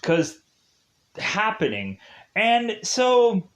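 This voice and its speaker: A man's voice: high-pitched, wildly swooping pitch, drawn-out words. A man giving a casual spoiler review of a TV show, rambling with many fillers and frequent laughs.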